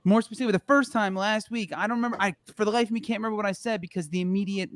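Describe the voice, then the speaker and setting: Podcast co-host, male, higher voice, loose and profane banter, dry close sound. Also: fairly even intonation, racing, fairly bright tone, no room sound. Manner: rambling, laughing, swearing freely. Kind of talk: casual chat.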